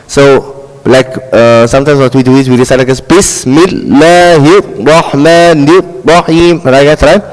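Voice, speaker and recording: A man with a South African accent teaching a class on Quran recitation rules, checking in with his students constantly and modelling words slowly. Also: medium pitch, flat delivery, darkish tone, in a large hall, low-quality recording. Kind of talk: classroom tajweed lesson.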